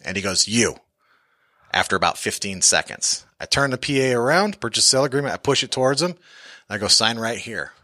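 A man's voice: medium pitch, lively intonation, fast talker, sharp tone, no room sound, studio quality. A man who invests in real estate tells a story from his own deals on a podcast, bluntly and full of profanity.

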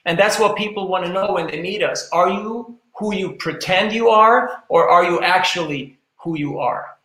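A man's voice: high-pitched, moderate pace, a bit bright. A man who is a guest on a podcast, telling earnest anecdotes and often repeating himself. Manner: anecdotal, earnest, frequent repetitions. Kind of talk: storytelling interview talk. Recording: echoey room.

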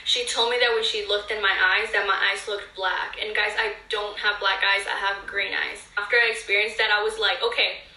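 A woman's voice: medium pitch, flat delivery, brisk, hardly any pauses, sharp tone, far from the mic. A young woman earnestly telling a personal story to her viewers in a casual, filler-heavy way. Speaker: vlogger. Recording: echoey room, voice a bit off-mic.

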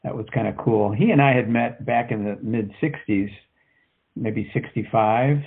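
A man's voice: on the low side, vocal fry, slightly rough. An older American man chatting casually, hesitant and full of fillers. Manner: halting, with many fillers. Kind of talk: casual chat. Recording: phone-like narrow audio.

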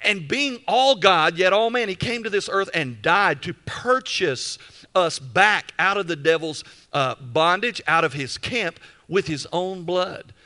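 A male pastor preaching a sermon emphatically, repeating key phrases and slowing down for weight. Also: high voice, expressive, sharp tone.

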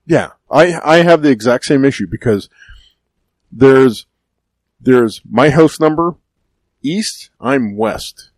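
A man co-hosts a podcast at an unhurried pace, teasing his partner with deadpan humor. His voice rises and falls in lively swings. The recording is dry and close. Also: mid-range voice, no room sound. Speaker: podcast co-host. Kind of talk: casual podcast chat.

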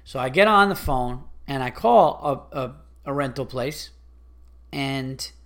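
A man's voice: medium pitch, lively intonation, a bit bright. A young man, hosting a podcast and telling a casual, profane story about a rude phone call. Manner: profane, exasperated, mimics others in quick asides. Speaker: podcast host.

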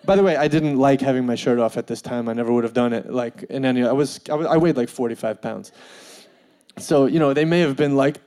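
A man telling a funny personal story in an animated way, full of fillers and laughing as he goes. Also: fairly high pitch, moderate pace. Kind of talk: comedic storytelling.

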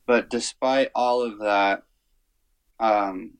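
A man speaking as an interview guest, telling a personal story slowly and earnestly, with many pauses and fillers. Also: lowish voice, steady tone, smooth, poor audio. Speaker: worship songwriter guest.

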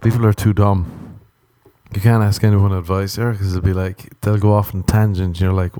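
Man, young adult, podcast host, low gravelly voice, dark tone, rambling swearing stories. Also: little pitch movement, moderate pace, no room sound. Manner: swearing, storytelling, acts out other voices. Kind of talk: rambling solo podcast monologue. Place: Los Angeles.

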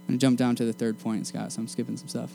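A young man preaching a sermon to a room of students in a casual, energetic, slangy way. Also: medium pitch, rapid-fire, creaky, soft background music. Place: meeting room.

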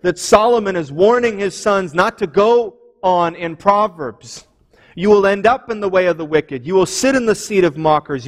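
High-voiced guy preaching a sermon, earnest, doubles up words, long hall echo. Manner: earnest, repeats words when pressing a point.

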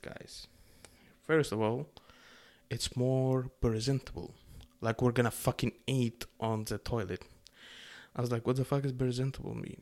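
A young man from the Middle East ranting casually, profane and sarcastic, with animated swings in his voice. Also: mid-range voice. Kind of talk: casual rant to camera.

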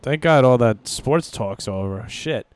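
A man's voice: mid-range voice, animated, unhurried, smooth. Goofy, provocative podcast host man. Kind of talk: casual comedy chat.

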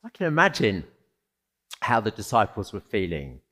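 A pastor with a voice on the low side preaches at normal speed. His sermon is conversational and animated, full of rhetorical questions to the congregation.

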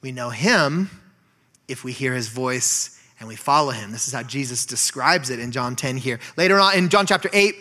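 A young man preaching a sermon as a pastor, swinging from loud emphatic points to hushed asides and prompting the congregation to respond. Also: mid-range voice, lively intonation, normal speed.

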